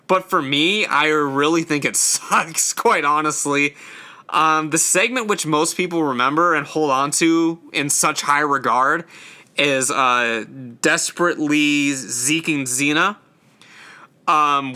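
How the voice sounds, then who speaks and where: Young man, casual commentary host, bright, fairly high pitch, filler-heavy. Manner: chatty, filler-heavy, stumbles over words. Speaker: host ranking episodes.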